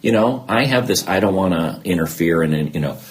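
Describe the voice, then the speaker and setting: His voice is deep and his pace a little fast: a middle-aged man guesting on a podcast. The interview is candid and personal, and he tells his stories with animation, acting out remembered dialogue.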